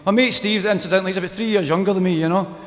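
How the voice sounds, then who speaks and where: At an outdoor gig in a town square, a Scottish folk singer tells rambling, chatty stories between songs and bursts into song now and then. His voice is high, with fairly even intonation and a racing pace, a bit bright, trailed by a long reverb tail.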